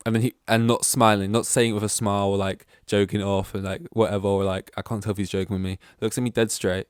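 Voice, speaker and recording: A man's voice: lowish voice, flat delivery, fast talker, hardly any pauses, clean tone, dry recording, clean studio sound. A man hosting a solo podcast, rambling and self-deprecating, swearing casually. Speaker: podcast host.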